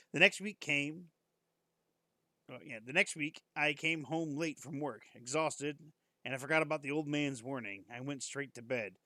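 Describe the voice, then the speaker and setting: A man's voice: mid-range voice, pushed and bright, dry recording. A man streamer reading a horror story aloud on a live stream, casual and breaking off now and then to joke and comment.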